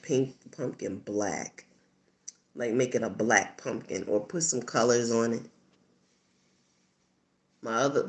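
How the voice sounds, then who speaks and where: A woman chatting casually on a livestream as a channel host, telling stories animatedly with bursts of laughter. She acts out quotes in squeaky high voices and drops to soft near-whispered asides.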